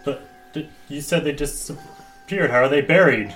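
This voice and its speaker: A man playing a tabletop game, teasing and quick to react. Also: on the high side, fairly bright tone, faint music behind. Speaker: player. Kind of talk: tabletop game role-play.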